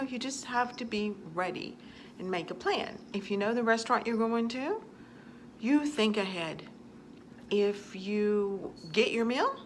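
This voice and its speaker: A woman's voice: a little high, fairly bright tone, a little hiss or hum. A woman vlogger answering viewer questions in a chatty, earnest way, often repeating phrases for emphasis. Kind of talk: casual advice talk to camera.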